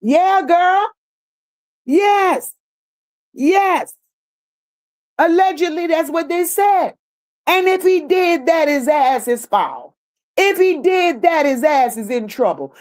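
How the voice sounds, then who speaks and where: A woman's voice: sits high, lively intonation, measured pace, a little mellow. A woman hosting a livestream, reading viewer comments aloud and answering them bluntly, with sassy repeated phrases. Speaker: livestream host.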